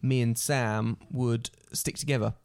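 A man's voice: mid-range voice, fairly even intonation, a little slow, a little mellow, clear, resonant tone. A man explaining things in casual chat, often stammering and restarting.

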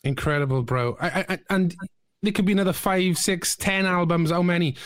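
Brief: male host, fairly high voice, easygoing and agreeable, dry close sound. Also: brisk, no room sound. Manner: agreeable, calls the guest brother. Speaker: podcast host. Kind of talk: casual interview chat.

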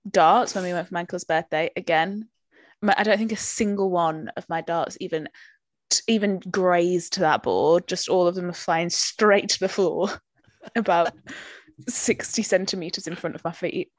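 Animated woman, lowish voice, dry sound. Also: normal speed, no echo. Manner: expressive, animated storyteller, gasps and laughs. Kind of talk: casual chat.

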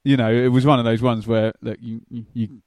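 A man's voice: mid-range voice, little pitch movement, fairly quick, darkish tone, dry recording. A man from England co-hosting a casual football podcast, telling anecdotes with easy laughter. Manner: chatty storyteller, laughs through anecdotes. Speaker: podcast co-host.

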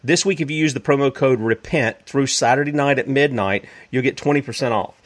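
A man's voice: mid-range voice, fairly quick. A man with a Southern US accent hosting a talk show, speaking in a folksy, conversational way and plugging a product. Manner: folksy, conversational, frequent fillers. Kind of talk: casual radio-style commentary with product plug.

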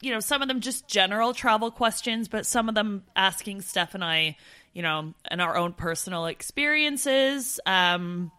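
A woman co-hosting a travel podcast in casual chat, animated and loose, swearing now and then. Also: mid-range voice, normal speed, smooth. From Canada. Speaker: podcast co-host.

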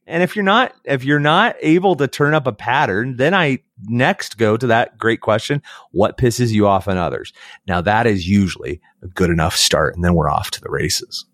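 A man from the United States speaks as a podcast guest, reflective and unhurried. His pitch swings widely as he tells stories and acts out the voices of others. The sound is dry and close. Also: dry recording. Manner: animated, acts out quoted voices. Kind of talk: reflective storytelling conversation.

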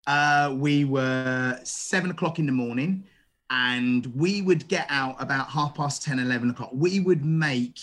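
A middle-aged man, a chef, telling stories in a casual interview, animated and full of restarts. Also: medium pitch, a little slow. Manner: animated, acts out quoted dialogue, frequent restarts. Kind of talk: casual storytelling.

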